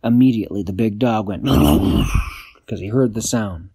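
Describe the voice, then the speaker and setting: A man improvising a bedtime story for a child, in an animated, playful way. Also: on the low side, brisk, husky, dry recording.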